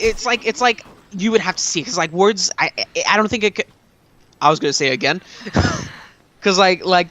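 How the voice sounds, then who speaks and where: A young man in casual chat during a gameplay video, rambling and excitable, with many fillers. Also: fairly high pitch, lo-fi sound.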